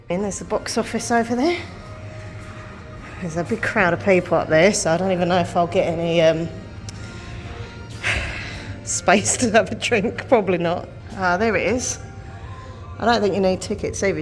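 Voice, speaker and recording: A woman's voice: lowish voice, expressive, normal speed, long pauses, faint music behind. Chatty woman vlogging on the go. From England. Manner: chatty, self-deprecating, laughs often. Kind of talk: casual chatty vlog narration. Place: out and about, then inside a busy café.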